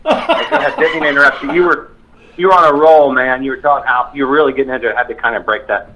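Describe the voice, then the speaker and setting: A man's voice: mid-range voice, bright, forceful tone, slight background noise. A retired police officer, a man, a blunt joker in a casual chat. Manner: joking, blunt, fast-talking. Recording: dull lo-fi sound.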